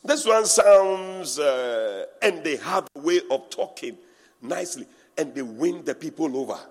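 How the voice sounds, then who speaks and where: A man preaching a sermon, animated and teasing, breaking into laughter and acting out what people say. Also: a little high, measured pace, slightly rough. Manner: animated preaching with laughter and mimicry of church talk. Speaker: pastor. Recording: reverberant hall.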